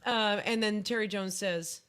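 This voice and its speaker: A woman's voice: medium pitch, fairly even intonation, a little slow, fairly bright tone, clear, resonant tone. A woman in her fifties hosting a casual live podcast, telling stories and acting out other people's lines. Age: 50s. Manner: chatty storyteller, acts out quotes. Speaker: podcast co-host and musician.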